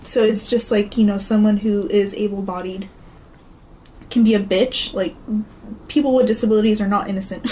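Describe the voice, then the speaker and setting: A podcast co-host chats casually in a steady, mellow mid-range voice at normal speed, laughing often and acting out the people she quotes. The recording is low quality with slight background noise.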